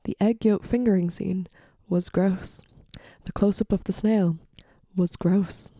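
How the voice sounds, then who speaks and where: A woman co-hosting a podcast gives a short, deadpan review, half-whispering in a cinema lobby into a small phone microphone. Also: mid-range voice, moderate pace, dry recording. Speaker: podcast co-host.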